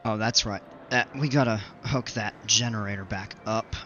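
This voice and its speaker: A man giving casual commentary while playing a building game, thinking aloud with fillers, his voice a little hoarse. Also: lowish voice, moderate pace, pushed and bright, highs cut off, soft background music. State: slightly hoarse, regaining voice. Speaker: gaming video creator.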